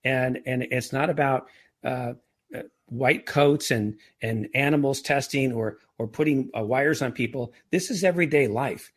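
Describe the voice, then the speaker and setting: A man's voice: medium pitch, normal speed. A man as a podcast guest, talking earnestly and telling anecdotes in a conversational interview. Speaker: podcast guest, entrepreneur and author.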